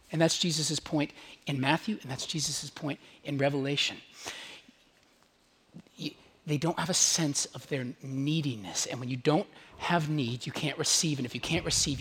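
A man, a pastor, preaching a sermon to his church congregation in a conversational, emphatic way, sometimes dropping to a hush. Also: medium pitch, husky. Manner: conversational, emphatic, drops to hushed whispers on key lines.

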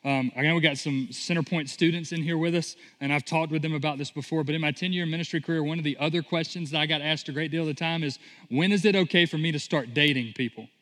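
A pastor in his thirties preaching a sermon in church, telling stories with lively acted-out voices. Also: a little high, fast, few pauses. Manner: animated storytelling, acting out voices in quotes. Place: church sanctuary. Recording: long hall reverb.

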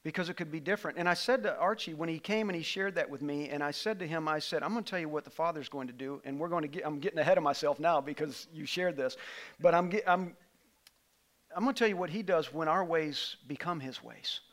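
Bright, high-voiced, impassioned male pastor. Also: fast. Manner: impassioned, building to near-shouts. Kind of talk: sermon. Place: church sanctuary with live congregation.

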